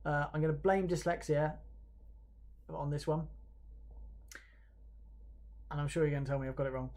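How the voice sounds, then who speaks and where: An awards presenter on a livestream, rambling and stopping often to correct themselves. The delivery is casual and self-mocking, with viewer comments read out between announcements. The pitch sits right in the middle. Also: fairly even intonation, normal speed, long pauses, darkish tone. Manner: chatty and hesitant, with many fillers and self-corrections; light self-mocking humor.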